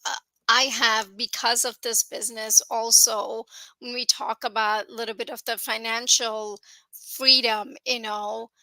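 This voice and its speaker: A woman speaks earnestly about her achievements, leaning on filler phrases as she goes. Her voice is bright and sits a little high, and the recording is dry and close. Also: little pitch movement, a little slow, dry recording, poor audio. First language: grew up in the US with an Indian-accented English. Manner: earnest, many fillers like "you know". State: tearful at times. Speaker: guest sharing business success. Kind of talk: emotional personal testimonial.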